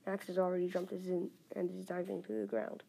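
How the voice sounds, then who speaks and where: A woman reading a war adventure story aloud, halting and correcting herself as she goes. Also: fairly low pitch, little pitch movement, gravelly, warm tone, breathy edge. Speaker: story reader.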